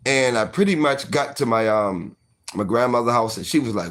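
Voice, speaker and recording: A man's voice: medium pitch, animated, normal speed, a bit bright. A man in his forties telling a personal story casually, full of fillers like "you know what I mean".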